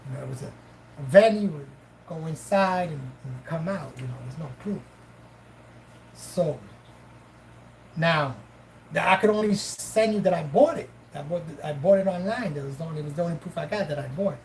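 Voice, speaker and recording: A woman's voice: deep voice, moderate pace, pauses often, slight background noise, poor audio. A woman host casually telling a story on a live stream, swearing freely and acting out both sides of the dialogue. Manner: profane, animated, acts out both sides of dialogue.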